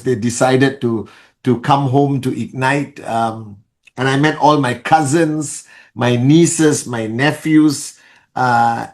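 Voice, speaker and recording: A middle-aged man leading a live online call, speaking softly and greeting viewers one by one by name. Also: a little high. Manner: softly spoken; greets viewers by name with many shout-outs. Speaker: leader of a network-marketing live call. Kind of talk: live-stream motivational talk.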